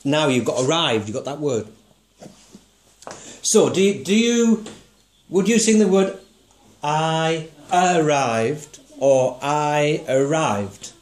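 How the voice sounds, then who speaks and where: This man teaches songwriting one on one at a measured pace, with long pauses, lively intonation, and a fairly high, darkish voice. A little hiss or hum is audible as he patiently encourages, asks guiding questions, and sings short notes to illustrate the tune.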